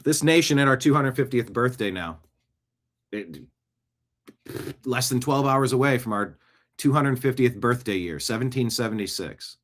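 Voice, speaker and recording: A man with a mid-pitched voice hosts a political talk show. He delivers his monologue with sarcasm and rambling, joking asides. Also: expressive, moderate pace, pauses often, a bit bright. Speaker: show host.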